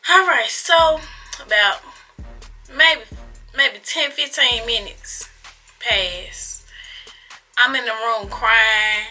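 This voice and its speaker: A woman's voice: fairly high pitch, drawn-out words, long pauses, pushed and bright, faint music behind, poor audio. A young woman vlogger dramatically retelling a personal story in casual slang, acting out sound effects, recorded on a phone camera. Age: young adult. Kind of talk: storytime vlog.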